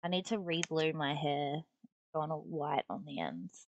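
A woman's voice: sits low, big pitch swings, a little slow, highs cut off, a little hiss or hum. A young woman streamer chatting casually and playfully while building tiny block figures, talking to herself as she works.

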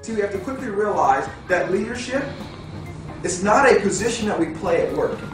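Brief: animated male motivational speaker, thirties, high voice, heard from far off in a big hall. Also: normal speed. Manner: animated, acts out scenes, laughs often. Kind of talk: leadership seminar talk. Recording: echoey hall from far off, faint music.

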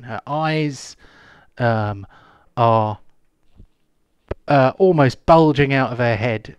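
A man narrating as game master of a tabletop game, hesitant with many pauses and ums. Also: medium pitch, clean tone, dry recording, studio quality.

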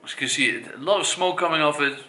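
This Dutch-accented man from the Netherlands reviews cigars casually, his voice fairly high, quick, bright and forceful. He's hesitant, leaning on fillers and frequent self-corrections. The room he records in echoes.

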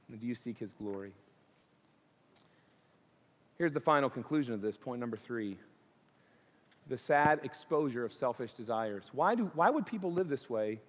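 Preaching man with a ringing church echo. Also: on the high side. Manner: earnest preaching with rising intensity and repeated phrases. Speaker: pastor. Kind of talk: sermon. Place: church sanctuary. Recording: long church reverb.

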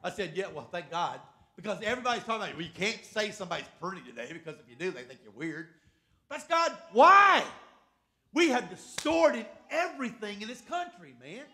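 A man's voice: sits high, animated, fast talker, fairly bright tone. An older man preaching a sermon, emphatic and calling on the congregation for amens.

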